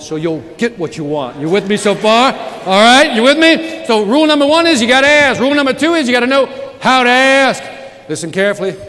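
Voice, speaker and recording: A man's voice: sits high, a little hiss or hum. A man giving a motivational keynote speech in a large conference hall, telling stories with energy and calling out to the audience. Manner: energetic, animated storytelling with audience call-outs. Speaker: keynote speaker. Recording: echoey hall with live audience.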